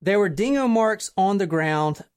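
A woman hosting a casual chat, telling a true crime story in an animated way, swearing casually and acting out quotes. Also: mid-range voice, unhurried, clean tone.

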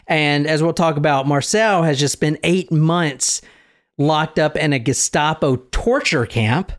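A man telling a story casually as a podcast host, profane and animated, laughing often. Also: on the high side, a little slow.

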